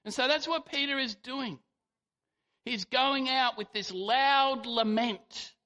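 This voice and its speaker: Bright-voiced preacher in a reverberant hall. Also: sits high, slow pace. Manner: animated storytelling with acted-out quotes. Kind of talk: sermon.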